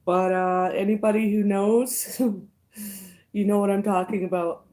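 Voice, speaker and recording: A mukbang vlogger eats on a livestream, a woman with a mid-range voice, dark tone and flat delivery. Chewing slowly and murmuring as she savors the food, she greets her chat viewers by name between bites.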